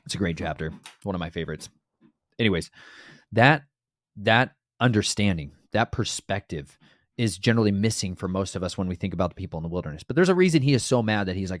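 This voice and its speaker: A man giving a casual, animated Bible teaching who talks straight to listeners and acts out the voices he quotes. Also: low voice, fast, no echo, clean studio sound.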